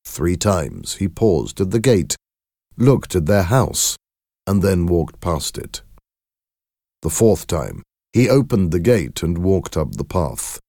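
A man narrating a story aloud in a measured, expressive reading. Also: low-pitched, vocal fry, dry recording, studio quality.

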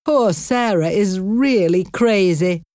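A woman's voice: mid-range voice, slow, mellow, no echo, studio quality, close to an everyday voice. A woman voicing a blunt, practical husband in an audiobook, plain and matter-of-fact.

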